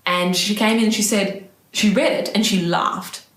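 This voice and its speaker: A woman's voice: mid-range voice, fairly even intonation, moderate pace, fairly bright tone, roomy sound. A woman business coach giving encouraging advice straight to her viewers, repeating key phrases and checking in with "right?". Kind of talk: direct-to-camera advice talk.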